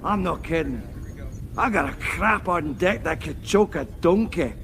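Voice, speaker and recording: An actor playing a crude, gluttonous Scottish henchman in a film comedy, loud and boastful. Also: fairly high pitch, lively intonation, a little slow, in a large hall, a little hiss or hum. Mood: crude boasting. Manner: crude, bellowing, gleeful.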